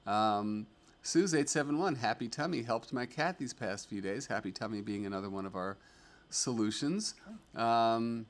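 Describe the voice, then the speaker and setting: A middle-aged livestream host talks at a moderate pace in a mid-range voice. He chats casually and reads viewer comments out loud, staying upbeat and rambling with frequent fillers.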